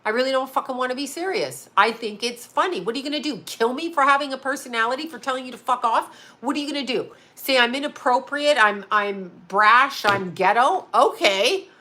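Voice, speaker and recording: A woman's voice: high-pitched, brisk, few pauses, pushed and bright. A woman in her fifties, a psychic who hosts her own channel, talking casually and bluntly with lots of swearing and laughter. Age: 50s. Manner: blunt and profane, laughing often. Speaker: psychic medium and astrologer. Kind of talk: casual livestream chat.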